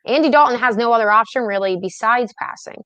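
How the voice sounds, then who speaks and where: A woman co-hosting a casual sports chat, relaxed and agreeable, laughing easily. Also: on the high side, fast talker, clear, resonant tone, muffled recording. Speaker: podcast co-host.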